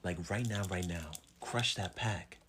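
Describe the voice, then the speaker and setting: A man's voice: low-pitched, a little slow, background noise. A man in a short video musing philosophically and putting questions to the viewer. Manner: reflective, posing questions to the viewer. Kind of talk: philosophical talk to camera.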